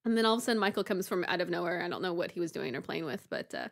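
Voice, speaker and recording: A woman in her thirties, co-hosting a podcast, telling a story in a casual, animated way and acting out panicked voices with laughter. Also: on the low side, rapid-fire, vocal fry. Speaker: podcast co-host.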